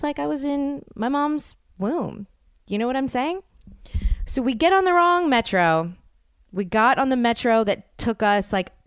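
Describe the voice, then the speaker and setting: A woman in her thirties hosts a solo podcast, spinning a rambling story full of quoted asides. Her voice is smooth and clear at a middle pitch. It is recorded close and dry, with no room sound. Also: no room sound. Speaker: podcast host.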